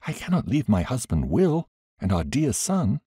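A man's voice: on the low side, wildly swooping pitch, normal speed, mellow, husky, no echo, studio quality, pitched above the performer's own voice, exaggerated voice. A man voicing a frail, ailing woman who speaks earnestly and pleads with tenderness. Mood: pleading.

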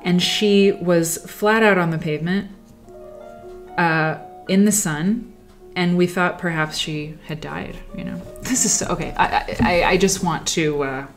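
Lady chatting on a sewing stream, lowish voice, kinda rambly, soft music under it. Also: a little slow. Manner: rambling, reflective, trails off. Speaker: livestream host. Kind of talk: casual livestream storytelling. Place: at home while sewing.

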